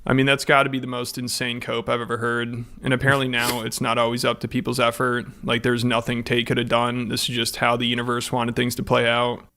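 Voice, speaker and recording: Male narrator, monotone and gravelly, sarcastic scripted commentary. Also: mid-range voice, a little fast, hardly any pauses. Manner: mocking, sarcastic.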